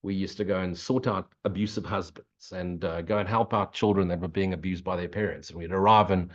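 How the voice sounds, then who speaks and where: Older man, spiritual teacher, earnest, preachy, blunt, low pitch, muffled recording. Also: steady tone, a little fast. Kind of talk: spiritual Q&A monologue. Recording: dull lo-fi recording.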